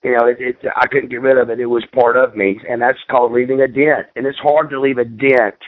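A man's voice: medium pitch, steady tone, fairly quick. Man telling wrestling stories over a tinny line. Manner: rambling, repeats words, acts out quoted voices. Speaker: guest, former pro wrestler. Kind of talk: casual storytelling in an interview. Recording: tinny phone-like radio line.

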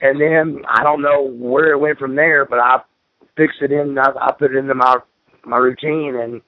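A man with a steady, mid-range voice and moderate pace, a former pro wrestler, tells career stories as an interview guest. He rambles, repeats words, and acts out the voices of people he quotes. The audio is a tinny, phone-like radio line.

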